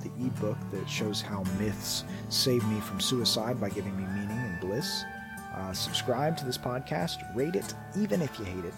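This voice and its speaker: A man's voice: on the low side, animated, normal speed, over music, rough recording. A man, a podcast host, reading a fairy tale aloud as a cold reading, with small slips and restarts. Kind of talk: bedtime story reading.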